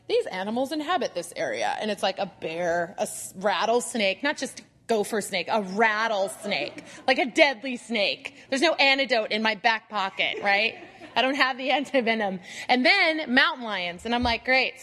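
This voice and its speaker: A woman's voice: on the high side, in a large hall. A woman in her thirties or forties telling a funny personal story to a Bible study group, acting out her own grumbling and asides. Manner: animated, self-mocking storytelling with acted-out asides.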